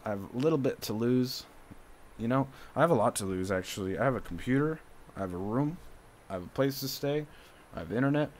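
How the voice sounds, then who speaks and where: Agitated ranting man, lively pitch. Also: a little fast, slight background noise. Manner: agitated, swinging between loud outbursts and low muttering, swears a lot. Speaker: streamer. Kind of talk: ranting monologue to the camera.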